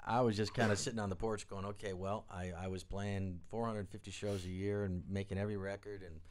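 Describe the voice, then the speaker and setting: A man, a guest on a live studio interview, telling rambling, animated stories and acting out the people he quotes. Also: fairly low pitch, fairly quick, a little hiss or hum. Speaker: guest, record producer and drummer. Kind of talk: anecdotal storytelling interview.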